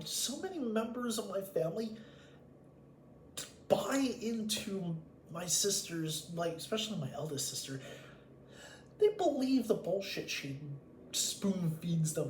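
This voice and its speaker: A man's voice: high-pitched, expressive, measured pace. A man telling a rambling storytime monologue about his family, blunt and full of swearing. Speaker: vlogger. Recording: echoey room with faint ambient noise.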